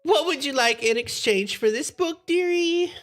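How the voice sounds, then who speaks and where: A woman's voice: high voice, lively intonation, faint music behind, voice pushed up. A woman voicing a sweetly menacing old hag who presses tea on her guests and calls everyone dearie. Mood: cloying. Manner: cloying, calls everyone dearie, drawn-out words.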